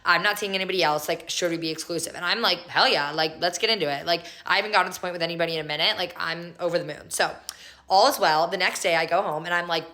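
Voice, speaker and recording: Bright, fast-talking young woman. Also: on the low side. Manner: chatty and breezy, many "like" fillers. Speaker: storyteller. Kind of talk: casual storytelling to camera.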